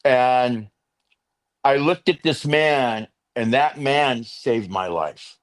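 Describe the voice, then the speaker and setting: Middle-aged male interview guest, animated storyteller who voices the people in his anecdotes. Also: mid-range voice, slow. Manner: animated storyteller, acts out quotes, fillers like "you know".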